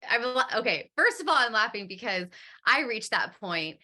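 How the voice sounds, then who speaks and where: A woman podcast host chatting casually, rambling and animated, often laughing as she talks. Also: on the high side, normal speed.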